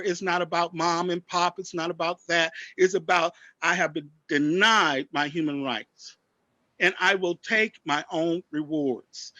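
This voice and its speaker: A man speaking with fierce conviction on a panel, his voice bright and pushed forward. The sound is dry and dull, like a lo-fi video-call microphone with little air around it. He talks somewhat high for a man and hits his points hard. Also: no room sound. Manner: impassioned, forceful.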